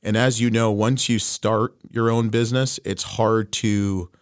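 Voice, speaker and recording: A man's voice: fairly low pitch, steady tone, a little slow, smooth, no echo, clean studio sound. A middle-aged man from Canada with a Canadian accent, a guest chatting casually and telling stories with restarts and asides. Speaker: guest, wine distributor. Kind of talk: casual interview chat.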